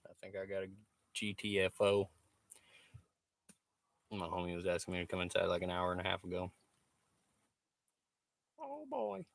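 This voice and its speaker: A man's voice: low voice, monotone, a little fast, long pauses, no room sound. A man chatting casually on a live stream, laid-back, swearing freely and laughing often. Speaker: livestreamer. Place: truck workshop.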